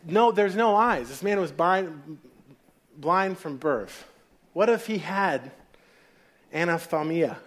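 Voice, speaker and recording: Male preacher, fairly high voice, relaxed storytelling sermon. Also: slow pace, pauses often. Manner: casual storytelling, acts out voices.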